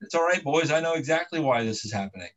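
A man's voice: a little high, lively intonation, fast, fairly bright tone. Man putting on a reluctant prophet, offhand and grudging, barely acted. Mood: resigned. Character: reluctant grumbling male prophet.

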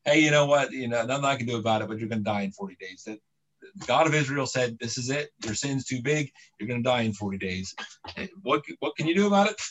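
A man's voice: mid-range voice, animated, fast, fairly bright tone. A man voicing a reluctant male prophet who talks in an offhand, grudging way.

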